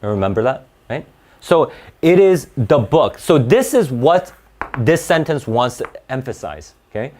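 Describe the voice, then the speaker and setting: A man's voice: medium pitch, lively intonation, measured pace, a little mellow, slight background noise. A man teaching a grammar lesson to a class, restarting words often and checking in with "right?".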